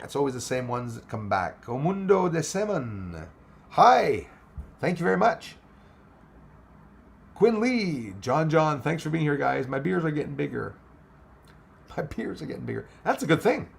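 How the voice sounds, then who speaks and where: Gravelly man chatting on a livestream. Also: mid-range voice. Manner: rambling, reads viewer comments aloud and thanks them. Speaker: livestream host reading chat. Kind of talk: casual live chat.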